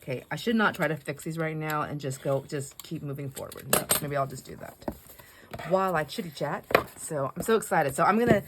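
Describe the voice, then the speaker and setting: A woman's voice: deep voice, brisk, very noisy. A middle-aged woman hosting a craft video, chatting in a rambling, digressive way while she cuts board, often breaking off mid-sentence and laughing. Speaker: craft channel host.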